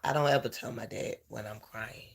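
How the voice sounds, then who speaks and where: A man in a heartfelt personal chat with his viewers, tearful, halting and emotional. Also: mid-range voice, steady tone, creaky. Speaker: vlogger.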